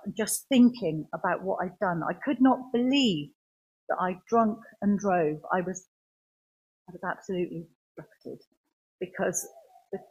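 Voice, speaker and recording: A woman tells her own story of faith before a church gathering. Her voice sits a little low and has a husky, breathy edge. She speaks earnestly, halting and restarting as she goes. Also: darkish tone, muffled recording. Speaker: churchgoer giving testimony. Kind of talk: personal faith testimony.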